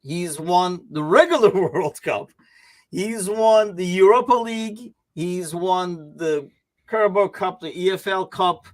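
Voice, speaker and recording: A man's voice: high voice, unhurried. A man hosting a casual sports podcast, rambling and laughing easily between points. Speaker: podcast host.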